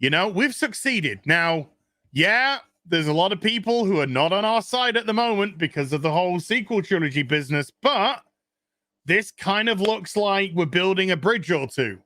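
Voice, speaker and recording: A man hosting a casual commentary show from his kitchen, ranting in an animated, sarcastic way and swearing freely. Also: sits high, normal speed, no room sound, clean studio sound. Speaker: show host. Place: home kitchen.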